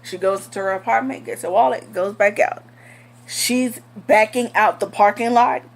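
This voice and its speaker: A woman's voice: mid-range voice, moderate pace, vocal fry. A young woman telling a storytime vlog in a blunt, heated, profane way. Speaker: vlogger.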